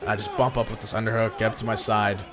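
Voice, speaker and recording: A man's voice: on the low side, little pitch movement, fast talker, a crowd in the background. A young man giving casual, slangy voice-over commentary on his own footage as a vlogger. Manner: laid-back slangy, dude-and-bro talk.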